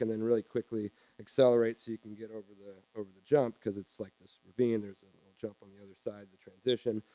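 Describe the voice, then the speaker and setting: A man telling a personal story live on stage in a small theater, halting and repeating words as he acts out his own reactions. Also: mid-range voice, warm tone, clear, resonant tone, dry recording.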